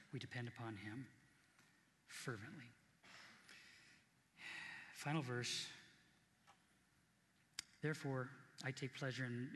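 A man's voice: mid-range voice, a bit bright, a little hiss or hum. Middle-aged pastor guy preaching, earnest and chatty, voice ringing in a big church hall. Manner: earnest, conversational preaching with repeated emphasis. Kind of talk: sermon.

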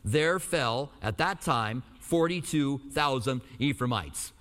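A man preaching verse by verse, reading scripture at a measured pace before easing into relaxed, lightly humorous explanation. His voice sits at an ordinary pitch for a man and carries the long reverb of a large hall. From Albuquerque, New Mexico. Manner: reads scripture slowly, then explains in a conversational, lightly joking aside. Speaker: pastor. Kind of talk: verse-by-verse sermon. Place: church in Tucson.

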